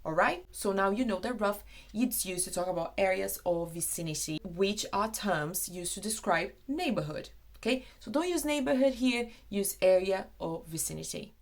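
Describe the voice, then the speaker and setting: A young Brazilian woman whose first language is Portuguese, teaching British expressions in a chatty, animated video lesson. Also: medium pitch, normal speed, hardly any pauses. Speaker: English teacher.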